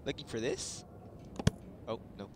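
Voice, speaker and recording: A man giving casual, jokey game commentary, swearing and laughing often, over loud background noise. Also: measured pace. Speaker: gaming video host. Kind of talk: casual let's-play commentary.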